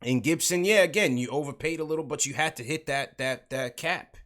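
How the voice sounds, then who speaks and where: A man's voice: on the high side, fairly quick, a bit bright. A man hosting a sports livestream podcast, talking casually about basketball and calling out chat viewers. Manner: hypes up the chat, greets viewers.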